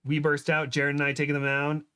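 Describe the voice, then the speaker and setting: A man reading the lines of a gruff young male monster hunter who gives clipped, bossy orders. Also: on the high side, monotone, moderate pace, pushed and bright. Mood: commanding. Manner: clipped commands.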